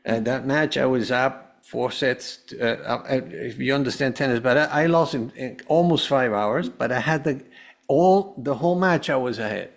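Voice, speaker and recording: A man's voice: mid-range voice, normal speed, vocal fry. A man, a holistic health coach, telling his personal story as a podcast guest in an earnest, rambling way with many restarts.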